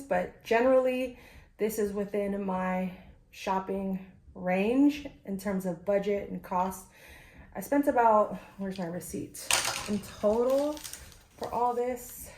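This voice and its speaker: A woman's voice: mid-range voice, darkish tone. A woman in her forties chatting casually at home for her vlog, rambling with lots of restarts and fillers. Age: 40s. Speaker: vlogger.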